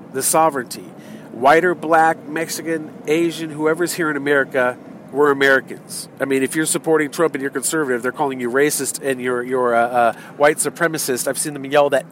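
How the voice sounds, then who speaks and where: Male vlogger, slightly high voice, heated rambling rant, recording from a car. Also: a bit bright, a little hiss or hum. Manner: heated, rambling, with many fillers and restarts. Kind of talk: ranting political monologue. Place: in a car in traffic.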